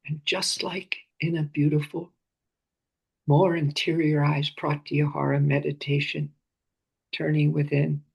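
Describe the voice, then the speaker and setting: A man leading a guided meditation, speaking slowly and often sinking into breathy whispers, repeating phrases and names softly. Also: fairly high pitch, flat delivery, lo-fi sound. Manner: slow, drifting into breathy whispers. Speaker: meditation teacher.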